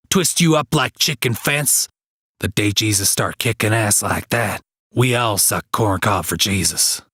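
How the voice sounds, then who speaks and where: A man's voice: lowish voice, a bit bright, breathy edge, no room sound. A man narrating a first-person story in clipped, broken backwoods grammar, recorded close on a dry mic. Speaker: author and reader.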